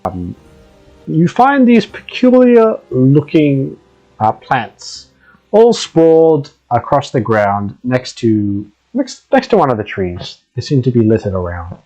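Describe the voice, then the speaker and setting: A man's voice: mid-range voice, huge pitch swings, slow pace, a little mellow, lo-fi sound, soft background music. Hesitant male game master narrating. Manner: hesitant, many ums, restarts. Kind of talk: live tabletop game narration.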